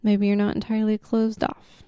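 Telling a story on a casual podcast she co-hosts, this woman uses lots of fillers and laughs easily. Her voice is mid-range, monotone and warm, at normal speed, with a clean tone and no echo.

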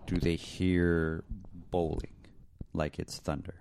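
Very low, gravelly man cracking dry jokes. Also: little pitch movement, slow pace, a little mellow, no room sound. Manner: joking, dry quips and silly asides. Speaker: podcast co-host. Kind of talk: casual chat.

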